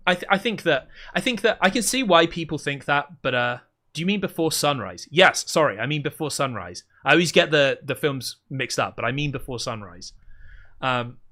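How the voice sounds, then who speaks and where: A man hosting a casual livestream, talking in a dry, deadpan way and rambling as he thinks aloud. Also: medium pitch. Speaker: livestream host.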